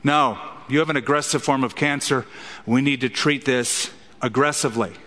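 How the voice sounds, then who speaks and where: A man's voice: mid-range voice, moderate pace, a bit bright, long reverb tail. A man preaching an expository sermon as a pastor, emphatic and fond of rhetorical questions.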